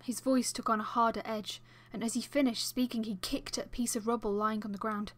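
A woman narrating a first-person adventure story, her voice a touch high and expressive. She carries both the telling and her character's own lines, sometimes dropping softer. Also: brisk. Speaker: audiobook narrator.

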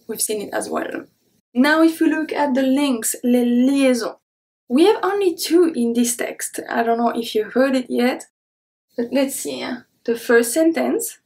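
Woman slowly teaching pronunciation. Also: sits high, a little mellow. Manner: repeats each word slowly, then explains in English. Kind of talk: slow, careful pronunciation lesson.

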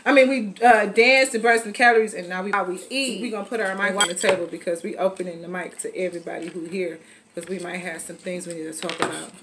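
Bright-voiced chatty woman vlog host. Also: fairly low pitch, steady tone, fast, a little hiss or hum. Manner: chatty, laughing, drawling colloquial speech. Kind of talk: casual mukbang chat.

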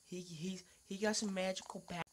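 A woman commentating her gameplay, excitable and trash-talking, swearing often and repeating words in taunting bursts. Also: mid-range voice, normal speed. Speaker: gaming channel host.

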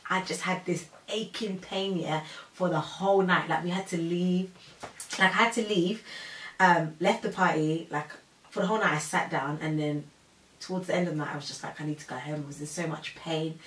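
Young woman, lowish voice, chatty storyteller, echoey room, mic far off. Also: a little fast, slight background noise. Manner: animated, chatty, full of fillers and acted-out quotes. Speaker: storyteller guest. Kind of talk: casual chat. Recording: roomy sound from a distant mic.

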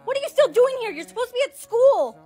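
A woman's voice: very high voice, lively intonation, fast, warm tone, soft background music, pitched above the performer's own voice. A woman playing a strict mother and teacher who lectures firmly. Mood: stern. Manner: lecturing, firm.

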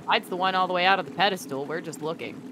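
A woman playing a tabletop game, lively and playful with her group. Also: lowish voice, noisy background. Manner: lively and playful, quick to joke. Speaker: player. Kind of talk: casual tabletop game play.

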